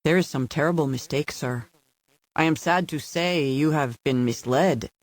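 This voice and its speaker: A man voicing a humble, soft-spoken male caretaker who answers courteously and formally. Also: on the high side, moderate pace, dry recording, natural voice. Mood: polite.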